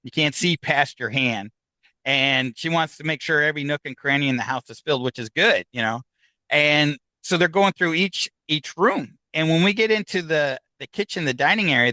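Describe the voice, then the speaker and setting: A man's voice: a little high, sharp tone, no room sound, poor audio. A man from Upstate New York, a guest in a podcast interview, telling a long story with many fillers and restarts and acting out what other people said. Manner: rambling, halting with fillers and restarts; acts out other people's lines as he tells the story.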